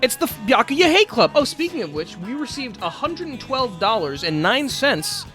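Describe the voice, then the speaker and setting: A man's voice: extremely high pitch, very animated, moderate pace, pushed and bright, faint music behind. A man streaming live, chatting casually, laughing often and swearing as he rambles.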